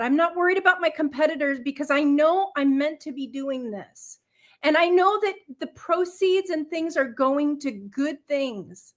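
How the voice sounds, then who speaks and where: A woman with a high voice talks as a podcast guest in a heartfelt, faith-filled way. She is earnest and emotional and sometimes sounds choked up. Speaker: guest, product seller.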